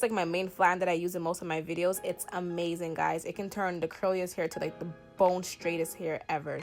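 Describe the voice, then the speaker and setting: A woman in her twenties with a Southern US country accent, chatting through a hair tutorial in a playful, emphatic way with lots of fillers. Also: on the low side. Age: 20s. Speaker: beauty vlogger. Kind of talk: hair tutorial, casual chat to camera.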